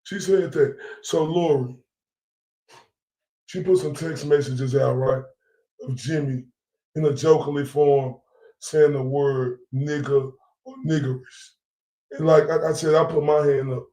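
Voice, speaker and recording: A man speaking rants to his followers in a heated, profane vlog monologue. His voice sits a bit higher than most men's, and he keeps circling back with "right?" and repeated phrases. The room around him rings with echo. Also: darkish tone. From Dallas area. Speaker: vlogger.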